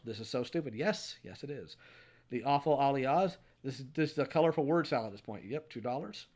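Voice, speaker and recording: A young man hosting a livestream reads out viewers' donation messages one by one in an ordinary mid-range voice, answering each with a quick, dry one-liner.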